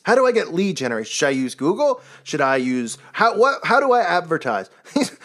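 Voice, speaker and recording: A man's voice: high voice, fairly bright tone. A man delivering an exasperated, indignant religious commentary rant. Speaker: online commentator.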